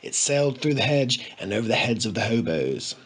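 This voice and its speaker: Male storyteller, lively delivery, slightly husky voice. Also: mid-range voice, brisk. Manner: expressive, playful. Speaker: narrator. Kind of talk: storybook reading.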